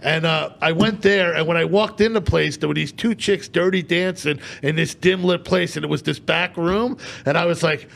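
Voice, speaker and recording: Comedian guest, male, high gravelly voice, animated storyteller who acts out his quotes. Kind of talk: casual podcast storytelling.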